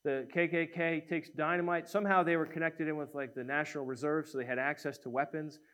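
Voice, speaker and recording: A man preaching a sermon, telling a story in an animated way and acting out the voices of the people in it. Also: on the high side, a little fast.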